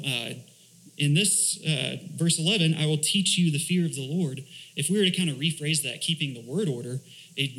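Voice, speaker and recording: A man's voice: on the high side, bright, forceful tone, poor audio. A young man serving as a church elder, giving an informal, conversational sermon with many fillers and restarts.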